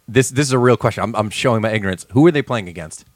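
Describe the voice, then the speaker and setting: A man's voice: fairly low pitch, very fast, no room sound, clean studio sound. A man hosting a casual podcast chat, joking and hesitant, full of fillers and repeated words. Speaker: podcast host.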